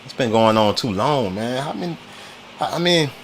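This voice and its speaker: A man's voice: medium pitch, expressive, normal speed, a little hiss or hum. A man from the United States hosting a casual political talk stream. He uses loose slang, repeats his points and keeps stopping to greet viewers in the chat. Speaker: livestream host.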